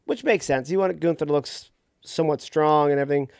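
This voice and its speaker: A man's voice: a little high, fast, darkish tone, clear, resonant tone, no room sound, clean studio sound. A man co-hosting a casual wrestling podcast, rambling loosely and laughing easily. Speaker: podcast co-host.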